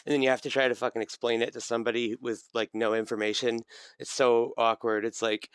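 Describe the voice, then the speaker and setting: A man's voice: medium pitch, little pitch movement, fast, clean tone, no room sound, studio quality. A man giving mocking, rambling commentary over a prank call video.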